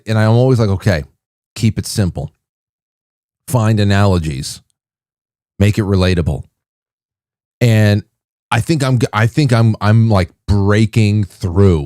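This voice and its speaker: Middle-aged guy hosting a stream, kinda rambly, repeats himself, low dry voice. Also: darkish tone, dry recording. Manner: rambling, repeats his words. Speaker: livestream host. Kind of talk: casual chat to viewers.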